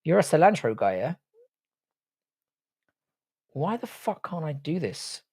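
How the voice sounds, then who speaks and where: A man's voice: on the high side, very animated, a little slow, a little mellow, husky, no room sound, clean studio sound. A man hosting a live stream in casual chat, swearing freely and bantering with his viewers.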